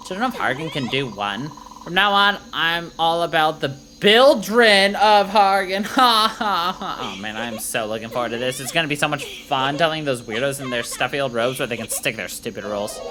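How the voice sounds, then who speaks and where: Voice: medium pitch, expressive, brisk, few pauses, sharp tone. A streamer voicing a brash young female soldier with bubbly valley-girl slang, reading game dialogue aloud. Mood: cocky.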